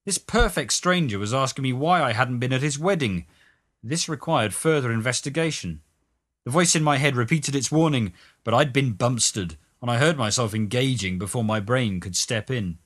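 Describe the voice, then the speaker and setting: A man's voice: medium pitch, expressive, moderate pace, a bit bright. A man reading a travel memoir aloud with dry, wry storytelling. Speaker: narrator.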